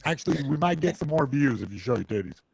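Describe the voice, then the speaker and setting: A man, a podcast guest, telling animated, joking fight stories in casual chat. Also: a little high, fast talker, gravelly, husky. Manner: loud, joking, animated storyteller.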